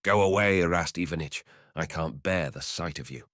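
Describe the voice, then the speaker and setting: A man voicing a young lovesick barber who pleads in a quavering voice that jumps high when he is upset. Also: normal speed, fairly bright tone, no room sound, studio quality. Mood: pleading. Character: young lovesick male barber, timid and tearful.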